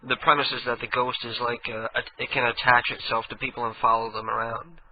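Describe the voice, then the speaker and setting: A man's voice: mid-range voice, level tone, fairly quick. Rambling male radio host, tinny sound. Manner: rambling, chatty, many restarts. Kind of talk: casual radio chat. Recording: tinny phone-like radio audio with faint hiss.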